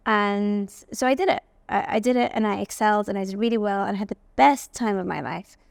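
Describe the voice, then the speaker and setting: A woman from England, a guest in an interview telling lively personal stories and often saying "like". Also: mid-range voice, fairly quick, gravelly, no echo. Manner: animated, acts out quoted voices, frequent "like". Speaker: guest, facial aesthetics practitioner.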